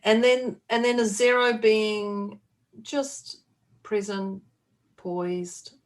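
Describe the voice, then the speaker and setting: A woman's voice: mid-range voice, steady tone, extremely slow. A woman co-hosting a podcast in casual chat, playful and laughing often, with a snorting laugh. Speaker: podcast co-host.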